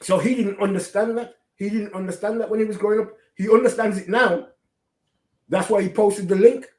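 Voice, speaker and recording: A man's voice: high-pitched, fairly even intonation, brisk, darkish tone. A man hosting religious commentary, preaching and often asking "right?". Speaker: host. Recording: echoey room.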